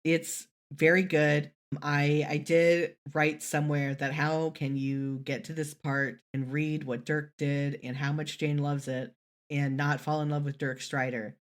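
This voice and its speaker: A woman co-hosting a casual podcast, talking in a rambling, animated way and swearing casually. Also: low-pitched, a little slow. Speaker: podcast co-host.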